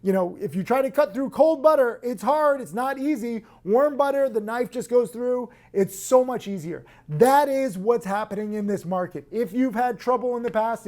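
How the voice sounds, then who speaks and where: A man with a hoarse voice hosting in excitable, emphatic casual promotional talk. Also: extremely high pitch. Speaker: host.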